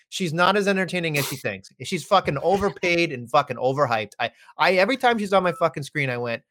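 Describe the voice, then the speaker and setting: Man, podcast co-host, heated sweary rant, higher voice. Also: expressive, fast talker, hardly any pauses, fairly bright tone. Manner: heated ranting, heavy swearing. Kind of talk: casual wrestling podcast chat.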